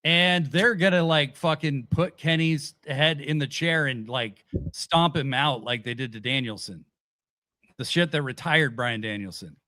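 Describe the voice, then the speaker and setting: A man hosting a casual wrestling review chat, animated and swearing casually as he retells events. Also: mid-range voice, unhurried, no room sound, studio quality. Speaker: podcast host.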